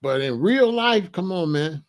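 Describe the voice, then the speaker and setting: A man hosting a comedic monologue, an animated, profane storyteller who laughs often. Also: sits high, a little slow. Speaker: podcast host.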